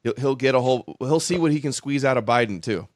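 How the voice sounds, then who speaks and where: A man hosting a casual political chat show, measured and a bit hesitant, repeating words as he thinks. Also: mid-range voice, no echo, clean studio sound. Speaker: podcast host.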